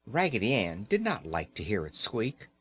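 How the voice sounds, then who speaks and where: A man reading a children's story aloud in a slow, expressive way. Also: lowish voice, slightly rough.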